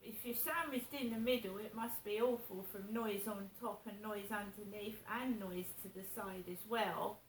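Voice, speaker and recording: A woman's voice: medium pitch, normal speed, hardly any pauses, far from the mic. A woman talking casually to her viewers in a rambling, indignant way, repeating herself. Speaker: vlogger. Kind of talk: casual monologue to camera. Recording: echoey room with faint hiss.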